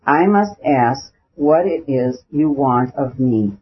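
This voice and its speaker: A man's voice: medium pitch, animated, slow. A man voicing a proud nobleman holding back anger. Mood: restrained anger. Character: proud young nobleman officer, restrained anger. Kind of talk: audiobook reading. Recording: dull lo-fi recording.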